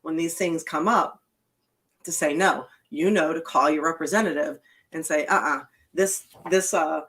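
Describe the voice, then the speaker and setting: A woman's voice: deep voice, fairly even intonation, normal speed, husky. A woman hosting a political podcast, talking bluntly and emphatically, swearing freely in casual chat. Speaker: podcast host.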